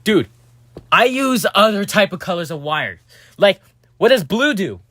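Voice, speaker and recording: A young man casually narrating a hobby build, rambling and talking to himself with sudden excitable outbursts. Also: high voice, measured pace, no echo.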